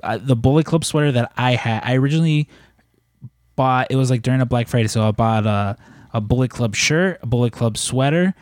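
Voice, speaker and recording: Brief: male podcast co-host, mid pitch, loose storyteller who swears, dry room. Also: fairly quick, no room sound. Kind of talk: casual chat.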